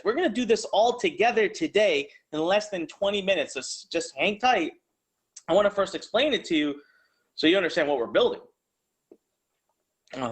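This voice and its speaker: A man's voice: a little high, fairly bright tone. A man presenting a live online business seminar, talking straight to viewers in a hyped, salesy way while drawing on a board. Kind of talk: energetic live webinar pitch.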